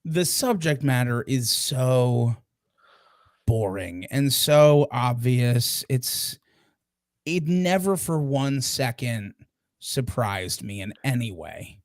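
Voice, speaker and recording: A man of ordinary pitch talks through his scores on a live podcast, pausing and restarting as he thinks. The sound is dry and close. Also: animated, no room sound. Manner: deliberate, hesitant, restarts often. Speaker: podcast co-host. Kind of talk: casual review chat.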